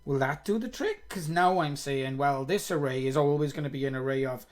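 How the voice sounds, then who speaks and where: A man's voice: fairly high pitch, brisk. A man streaming himself coding live, thinking aloud, reading code under his breath and poking fun at himself. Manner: muttering, self-mocking, reads code aloud.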